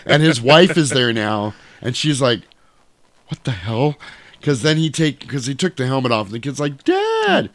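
A man in casual podcast chat, recapping a movie plot in an animated, profane storytelling way. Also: mid-range voice, a little fast, few pauses, dry recording. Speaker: podcast co-host.

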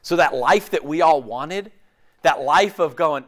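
A man preaching a sermon in a conversational, animated way, often acting out imagined voices. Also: a little high, measured pace.

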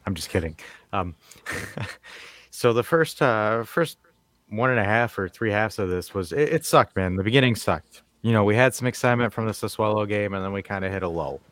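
A man's voice: lowish voice, expressive, moderate pace, a bit bright, no room sound. A man co-hosting a casual podcast, joking and rambling with fillers like "you know" and "man". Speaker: podcast co-host.

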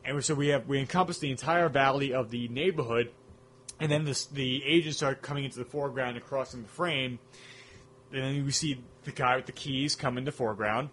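A man's voice: medium pitch, fairly quick, fairly bright tone, slight background noise. A man co-hosting a casual film chat, rambling enthusiastically and humming music cues. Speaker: podcast co-host.

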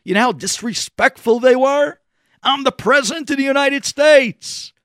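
A man voicing an excited, then furious, older male president, booming and shouting. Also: normal speed, no room sound, clean studio sound, lightly acted.

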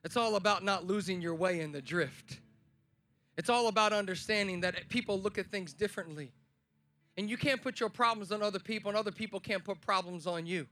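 A young man preaches at a festival, his very high voice bright and pressing. He moves from quiet storytelling to loud, emphatic calls to the crowd. The sound is close and dry. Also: fairly quick, no room sound. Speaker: speaker at a Christian festival. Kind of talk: sermon.

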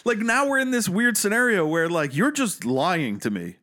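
A man's voice: high-pitched, normal speed. A man co-hosting a podcast, telling a story in casual chat, indignant and profane. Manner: lively, indignant storytelling full of swearing. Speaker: podcast co-host.

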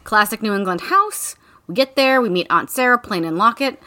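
A woman's voice: mid-range voice, animated, moderate pace, sharp tone. Sarcastic woman with dry, profane asides. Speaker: podcast co-host. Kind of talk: casual book recap chat.

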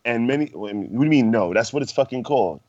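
A man's voice: medium pitch, animated, very fast, darkish tone, dry recording. A man co-hosting a podcast in casual banter, reading a news item aloud with stumbles and playful boasting. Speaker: podcast co-host. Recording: muffled lo-fi dry recording.

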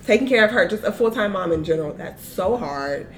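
Lively, chatty young woman. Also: mid-range voice, brisk, slight background noise. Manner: chatty, animated, laughs often, many "like" fillers. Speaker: guest, small business owner. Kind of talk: casual interview chat.

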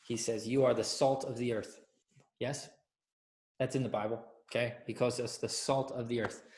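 A man's voice: medium pitch, fairly even intonation, normal speed, darkish tone. A man giving a casual, playful sermon that keeps asking the audience questions. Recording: echoey room.

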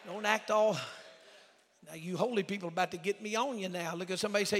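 A high, bright-toned man preaching a revival sermon. His voice is gravelly and husky, shouting one moment and dropping to a near hush the next. A long church reverb trails every phrase. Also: steady tone, quick pace. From Oklahoma. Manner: swings from shouted exhortation to hushed storytelling. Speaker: evangelist. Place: church sanctuary.

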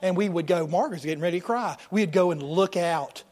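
A middle-aged male pastor preaching a sermon with animated delivery, acting out voices and swinging between loud and hushed. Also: sits high, fairly quick.

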